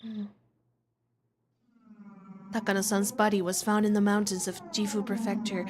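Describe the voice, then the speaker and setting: A young woman streaming a visual novel and chatting live with her viewers, animated, with frequent gasps and laughs. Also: medium pitch, moderate pace, pauses often, noisy background. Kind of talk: casual live-stream chat.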